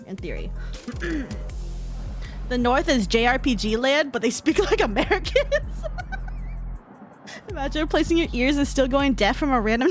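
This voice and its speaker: Young woman streamer, giggly, swears a lot, high lively voice, faint music behind. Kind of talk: casual gaming commentary.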